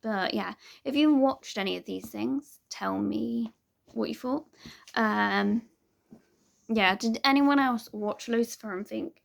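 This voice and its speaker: Chatty young woman with gravelly tone. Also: on the high side, unhurried. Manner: chatty and rambling, with frequent ums and laughs. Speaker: vlogger. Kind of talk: casual chat to camera.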